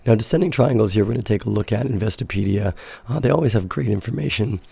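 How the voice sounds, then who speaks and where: A man hosting a casual crypto trading livestream, his voice raspy from being sick, talking in a relaxed, rambling way with fillers. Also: on the low side, fast talker, no echo. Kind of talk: casual livestream market analysis.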